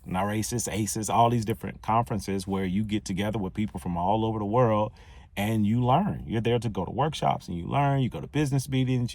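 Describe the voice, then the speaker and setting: A man hosting a solo podcast, telling a personal story in a casual, conversational, animated way. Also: on the low side. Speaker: podcast host.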